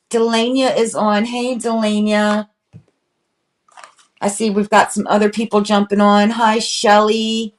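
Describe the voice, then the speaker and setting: A woman hosting a casual live painting demonstration, chatting and greeting viewers by name. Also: medium pitch. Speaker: furniture painting livestream host.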